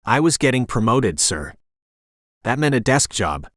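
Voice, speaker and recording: A man's voice: mid-range voice, very animated, measured pace, a bit bright, no room sound, studio quality. A man voicing a terse former special-forces soldier, answering in clipped, respectful replies. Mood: calm. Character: calm, terse male ex-special-forces candidate.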